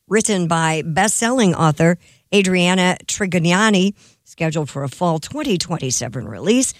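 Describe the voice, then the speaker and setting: A woman's voice: on the low side, dry recording, studio quality. A woman reading an entertainment news segment on a radio show, slipping in wry asides.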